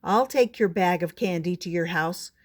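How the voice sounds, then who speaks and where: Woman doing a gruff helpful policeman. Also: lowish voice, moderate pace, close to an everyday voice. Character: police officer, gruff but helpful man.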